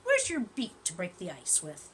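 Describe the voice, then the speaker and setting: A woman's voice: lowish voice, wildly swooping pitch, normal speed, slight background noise. A woman voicing a gloating male duck in a storybook, quacking and teasing.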